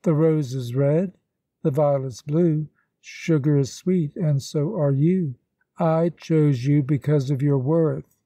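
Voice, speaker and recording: A man reading the lines of a grave, sorrowful gentleman in a storybook, in a measured and solemn way. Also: a little high, dry recording. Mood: tender.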